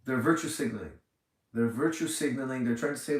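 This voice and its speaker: A man's voice: mid-range voice, animated, brisk, recorded from a distance. A man in his forties giving an indignant, emphatic livestream rant from a gym, repeating his points. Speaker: gym owner. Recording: echoey room, off mic.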